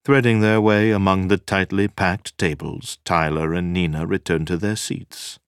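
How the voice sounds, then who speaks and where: A man narrating a science fiction audiobook in a steady, even storytelling manner. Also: sits low, moderate pace, clear, resonant tone, no room sound, clean studio sound. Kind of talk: scripted narration.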